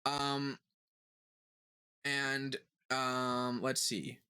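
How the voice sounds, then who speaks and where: A man's voice: mid-range voice, level tone, extremely slow, bright, forceful tone, clean tone. A man co-hosting a casual comedy podcast, retelling a chat with swearing and exasperated disbelief. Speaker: podcast co-host.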